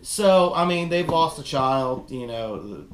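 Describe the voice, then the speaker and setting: A man's voice: medium pitch, unhurried, crowd noise. Casting: young male host, loose profane rambling chat, roomy echo. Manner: rambling, profane, animated retelling. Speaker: podcast host reviewing a film. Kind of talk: casual chat.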